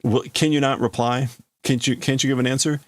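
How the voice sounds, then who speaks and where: A man hosting a livestream, working slowly through a manga translation out loud, halting and stopping often to explain words. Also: mid-range voice, fairly even intonation, no echo. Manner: slow, halting, stops to explain words and reads lines in a raised voice. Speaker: livestream host. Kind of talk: casual live translation of a manga.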